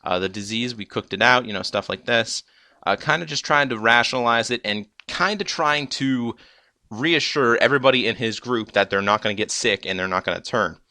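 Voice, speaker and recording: A man's voice: mid-range voice, moderate pace, bright, forceful tone, no echo, clean studio sound. A young man casually recapping a TV episode, rambling with lots of fillers and restarts. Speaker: episode reviewer.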